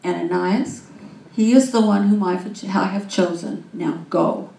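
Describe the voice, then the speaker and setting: A woman's voice: medium pitch, a little slow, gravelly, dark tone. A firm divine voice calls out commands from heaven, as a woman preacher acts it out. It sounds roomy. The mic is set far away.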